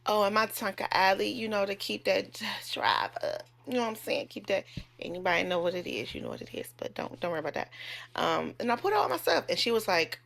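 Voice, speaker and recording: A woman's voice: mid-range voice, sing-song, fairly quick, vocal fry, fairly bright tone. A woman who works as a nurse, telling a story to her camera in a candid, chatty way and cursing freely. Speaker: nurse and vlogger.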